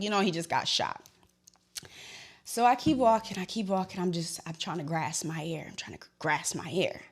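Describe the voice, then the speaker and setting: Animated young woman telling a personal story. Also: fairly low pitch. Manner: animated, reenacts dialogue, addresses listeners as y'all. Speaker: podcast host.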